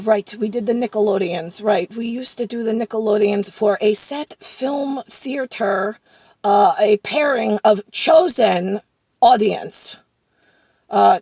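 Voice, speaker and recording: A woman vlogger talking in a rambling monologue, laughing at her own remarks and sometimes dropping to a quiet murmur. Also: a little high, gravelly, slightly rough, no echo.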